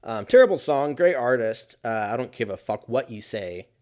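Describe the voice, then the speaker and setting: Man, solo podcast host, casual monologue, rambling, profane, laughing often, medium pitch. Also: expressive, normal speed, darkish tone.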